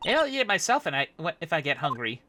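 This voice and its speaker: A man voicing a wry young defense lawyer in game dialogue, with dry, deadpan delivery. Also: fairly high pitch, quick pace. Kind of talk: reading game dialogue aloud. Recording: music playing under the voice.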